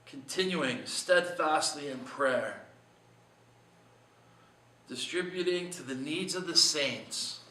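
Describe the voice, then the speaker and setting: A man's voice: a little high, animated, takes it slowly, pauses often, sharp tone, echoey room, distant mic, low-quality recording. A man preaching a short devotional sermon in an earnest, conversational way, asking his listeners many questions. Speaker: pastor.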